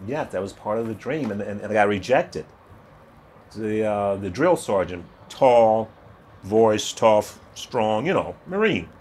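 A man in his sixties, a guest in an interview, telling his life story in a lively way, acting out other people's voices and laughing often. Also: fairly low pitch, a little slow, slight background noise. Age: 60s. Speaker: guest, retired bodybuilder.

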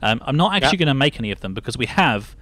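A man's voice: mid-range voice, very animated, racing, a bit bright. A man hosting a casual Minecraft gameplay chat, explaining things step by step with lots of fillers. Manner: chatty, laughing, explains step by step. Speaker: host.

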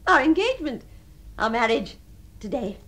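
An actress in a radio drama playing a refined, lonely woman who imagines she is about to marry, her voice moving between breathy tenderness and giddy excitement. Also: fairly high pitch, normal speed. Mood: confused, insistent. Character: deluded lonely upper-class spinster dreaming of marriage. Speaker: the Princess.

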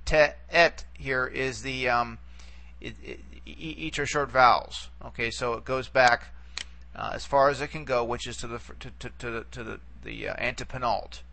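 A man's voice: medium pitch, fairly even intonation, moderate pace, gravelly, sharp tone. A man teaching a recorded lesson, patient, repeating words and checking in with frequent "okay?" prompts. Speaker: Greek language teacher. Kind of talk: recorded video lecture.

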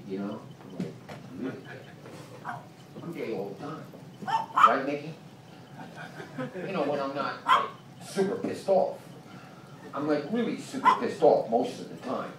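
A man doing a rambling stand-up set, swinging between mumbling and ranting, recorded from far off in a small club. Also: medium pitch. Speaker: stand-up comedian. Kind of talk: open-mic stand-up set. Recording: echoey club from far off, noisy.

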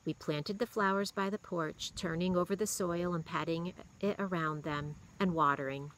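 A woman reading a children's novel aloud in a steady, expressive way. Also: lowish voice, normal speed, slight background noise, poor audio. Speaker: reader.

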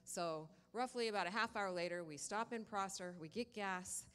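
A woman telling a congregation a personal story in a lively way, acting out the dialogue as she goes. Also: medium pitch, normal speed, clear, resonant tone, big-room sound. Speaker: church member giving a testimony. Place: church sanctuary.

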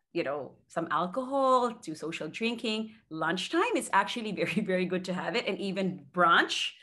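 A woman's voice: on the low side, a bit bright. A woman guest on a podcast, giving sleep advice in a chatty way and laughing between points.

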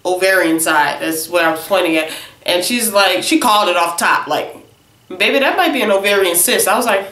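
Chatty young woman telling a story, echoey room. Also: mid-range voice. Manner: animated, chatty, punctuates with "okay?". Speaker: vlogger. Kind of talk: casual storytime vlog.

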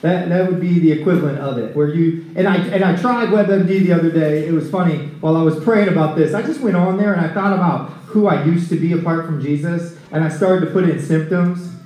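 A man preaching a conversational sermon at a recovery ministry, telling scripture stories in an animated way. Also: fairly high pitch, fairly quick, hardly any pauses. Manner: animated storytelling, acting out scripture scenes. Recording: echoey room.

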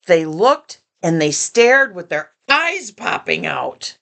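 An older woman reading a children's picture book aloud with gentle, chatty asides to young listeners. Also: medium pitch, huge pitch swings, slow, hardly any pauses. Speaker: storybook reader.

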